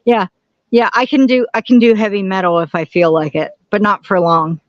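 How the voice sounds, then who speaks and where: A woman's voice: mid-range voice, fairly even intonation, moderate pace, no room sound, lo-fi sound. A woman hosting a casual live stream from home, chatting and greeting viewers by name. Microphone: camera on tripod.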